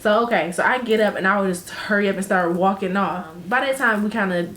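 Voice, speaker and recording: A young woman telling a story to her viewers in casual chat, animated and slangy, laughing often and acting out what people said. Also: medium pitch, a little fast, roomy sound.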